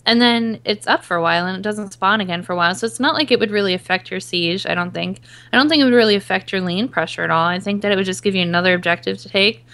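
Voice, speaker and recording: A woman on a gaming podcast talks through strategy in a steady, middle-pitched voice. She explains things calmly and leans on easy fillers as she goes. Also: fast, hardly any pauses. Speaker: podcast panelist. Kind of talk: casual chat.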